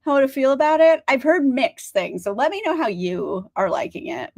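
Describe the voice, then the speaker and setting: A woman's voice: sits high, big pitch swings, moderate pace, a little mellow. Chatty young woman, lots of "like". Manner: chatty, rambling, laughs often, says "like" a lot. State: tired. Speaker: book streamer. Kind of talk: casual livestream chat.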